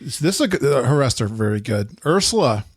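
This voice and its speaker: A man hosts a casual podcast chat, chatty and quick to laugh. His pitch sits mid-range. The sound is dry and close. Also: big pitch swings, husky, dry recording. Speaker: podcast host.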